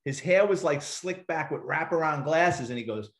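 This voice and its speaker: Storytelling ex-cop guest, roomy echo. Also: male voice, fairly high pitch, expressive, brisk, hardly any pauses, a bit bright. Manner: acts out quoted dialogue, swears casually. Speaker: interview guest, retired police detective and author. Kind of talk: casual anecdotal storytelling.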